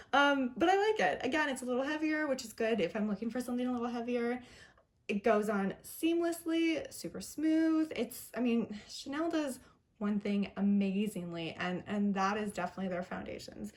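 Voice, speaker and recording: A young woman with a slightly high voice chats casually as she reviews beauty products. She sounds upbeat and chatty, and now and then she makes small self-deprecating jokes with a little laugh. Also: normal speed. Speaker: beauty vlogger.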